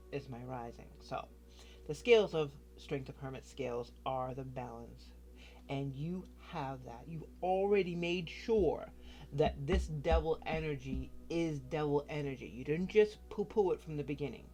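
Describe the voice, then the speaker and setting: A casual tarot reading delivered straight to the viewer at a middling pitch. The reader talks frankly and chattily and curses freely. A faint bed of music sits underneath. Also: a little slow, mellow.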